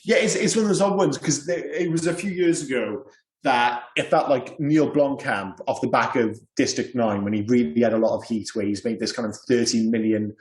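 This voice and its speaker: An animated man chatting on a film podcast, his voice sitting in the middle of the male range. He swears freely and laughs often. The room around him leaves a roomy echo. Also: mid-range voice, brisk. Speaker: podcast co-host. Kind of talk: casual film podcast chat.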